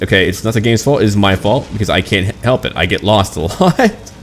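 A man's voice: low-pitched, expressive, fast talker, slight background noise. A man casually commenting on his online role-playing game, chatty and self-mocking about getting lost. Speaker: gaming channel host.

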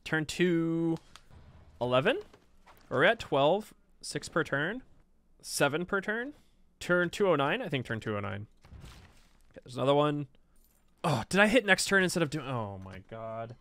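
A man's voice: on the high side, big pitch swings, normal speed, pauses often, a bit bright. Chatty self-mocking male gamer. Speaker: game streamer. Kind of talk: casual gameplay commentary.

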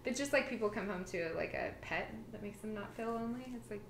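A woman in casual chat among friends, lively and quick to act out little voices and quotes. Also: medium pitch. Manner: animated, acts out quotes and kid noises. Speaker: podcast host. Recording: roomy echo, light background hiss.

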